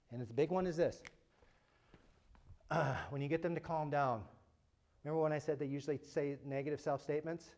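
Animated man speaking to a room of parents. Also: mid-range voice. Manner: animated, asks the audience questions, jokes. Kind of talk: lively talk to a live audience. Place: room with a live audience.

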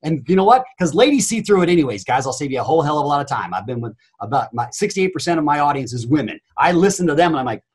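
Man, husky voice, lively swooping pitch, rapid, blunt, swears. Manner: blunt, swearing, animated and emphatic. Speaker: podcast guest, mental coach. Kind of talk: energetic interview talk.

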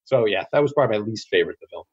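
A middle-aged man, guest on an interview show, telling anecdotes in a casual, animated way. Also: on the low side, very fast, slightly rough, dull audio. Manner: animated anecdotes with acted quotes.

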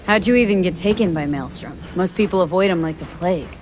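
A woman's voice: lowish voice, quick pace, darkish tone, a little hiss or hum, natural voice. An actress playing a blunt, dry-humored female mercenary.

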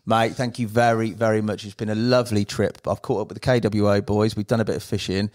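A man's voice: lowish voice, little pitch movement, fast talker, darkish tone. A man hosting a podcast interview, chatting casually and calling his guest mate often. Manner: friendly, says mate a lot. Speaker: podcast host.

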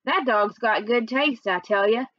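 A kindly older homeless man with an easygoing, folksy way of talking, as a woman reading a storybook aloud puts him on. The voice sits fairly high, with a dry, somewhat dull sound. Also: measured pace, dry recording. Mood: chatty.

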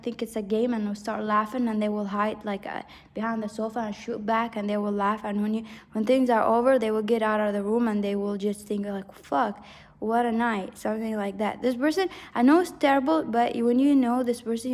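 A woman's voice: fairly high pitch, big-room sound. A woman giving a pick-a-card tarot reading in a rambling, intuitive way, full of fillers and frequent laughs. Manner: intuitive, earnest, laughs often. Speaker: tarot reader.

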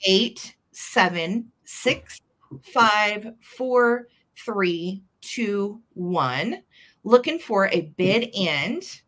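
A woman's voice: mid-range voice, animated, extremely slow, fairly bright tone. A woman hosting a live vintage sale, chatty and gushing as she describes each item. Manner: chatty and gushing, fond little words. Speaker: host selling vintage items live.

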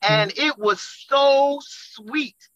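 A woman with a bright, ringing voice tells an emotional church testimony over a remote call. She speaks from a car on the highway, animated and laughing often as the story spills out. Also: very slow, muffled recording. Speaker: church member giving a testimony.

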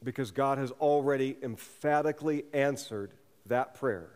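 A man's voice: medium pitch, normal speed, darkish tone. Male pastor preaching in a reverberant church hall. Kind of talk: sermon. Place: church sanctuary.

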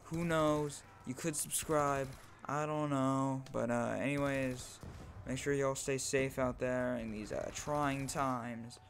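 A man's voice: mid-range voice, fairly even intonation, slow pace, slight background noise. A young man vlogging a casual story, rambling and often adding "like" and "right?" into a new microphone. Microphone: first microphone, home setup.

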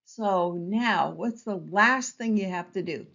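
Expressive woman teaching, slightly muffled recording. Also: medium pitch, slow pace, creaky. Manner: expressive, emphatic, varied inflection. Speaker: online presentation trainer. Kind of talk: instructional talk to camera. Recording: slightly dull lo-fi sound.

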